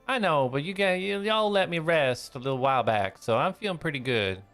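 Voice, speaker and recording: A man voicing a caring, folksy young woman who keeps watch over the group and chats warmly. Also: fairly high pitch, animated, fairly quick, faint music behind, pitched above the performer's own voice. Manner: warm, chatty, calls people sugar, says y'all.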